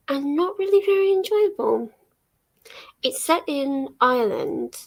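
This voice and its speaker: English woman, young adult, slightly high voice, unhurried, rambling book chat. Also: big pitch swings. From England. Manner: chatty, rambling, lots of ums and little laughs. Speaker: book vlogger hosting a reading sprint. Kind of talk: casual chat to a livestream audience.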